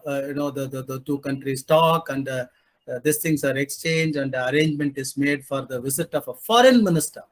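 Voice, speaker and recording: Man, panel speaker, emphatic, sarcastic, fairly high-pitched. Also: a bit bright. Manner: emphatic, sarcastic, asks rhetorical questions. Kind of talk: panel discussion commentary.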